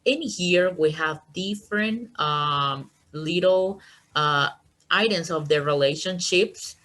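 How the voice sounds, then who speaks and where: A woman's voice: fairly low pitch, slow pace, a bit bright, low-quality recording. A woman teaching an online English class, encouraging her students and checking understanding with "okay?" after each point.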